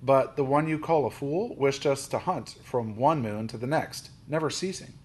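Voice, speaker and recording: A man's voice: mid-range voice, normal speed, husky, natural voice. A man voicing a proud, firm island chief in a storybook, speaking in a slightly raised voice.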